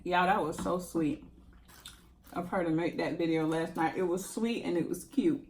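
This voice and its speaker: A woman from Jacksonville, Florida hosts a mukbang channel, chatting to camera and laughing often as she eats. Her voice is fairly low and a little mellow, with fairly even intonation at a normal speed, and there is slight background noise.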